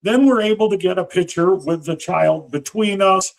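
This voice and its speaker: A man working as a professional Santa talks earnestly in a casual interview, often pausing with fillers. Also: sits high, vocal fry.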